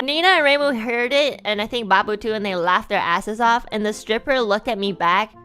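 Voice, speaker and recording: A woman VTuber telling a story casually on stream, animated, swearing freely and laughing often. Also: on the high side, brisk, clean tone.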